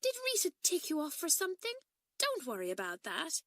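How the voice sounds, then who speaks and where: A woman's voice: high-pitched, huge pitch swings, fairly quick, a bit bright, no echo, studio quality, pitched above the performer's own voice, exaggerated voice. Woman voicing an earnest, coaxing schoolgirl. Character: warm-hearted schoolgirl twin.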